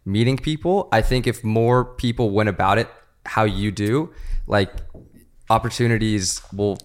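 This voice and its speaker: A man's voice: fairly low pitch, measured pace. A man co-hosting a podcast, talking earnestly with many fillers. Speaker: podcast co-host. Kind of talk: casual podcast conversation.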